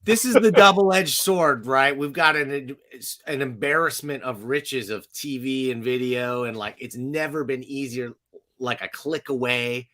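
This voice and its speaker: A man in his thirties co-hosting a podcast, chatting with enthusiasm and pausing on fillers as he searches for words. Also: mid-range voice. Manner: enthusiastic, animated, hesitant fillers. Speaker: podcast co-host. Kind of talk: casual chat.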